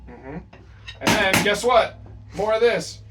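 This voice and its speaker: A man teaching a drum lesson, counting and scatting the rhythms out loud. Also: high voice, expressive, takes it slowly, over loud music. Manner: counts and scats rhythms aloud. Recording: far from the mic, drums playing loud.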